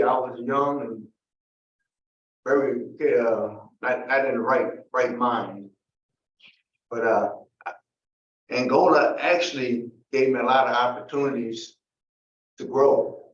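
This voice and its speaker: A man with a Louisiana accent speaking haltingly and sincerely to a parole board, stumbling over and repeating his words. He sounds set back from the mic in an echoey room, and the remote feed is dull and muffled, with his pitch sitting mid-range. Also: distant mic. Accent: Southern US, Louisiana.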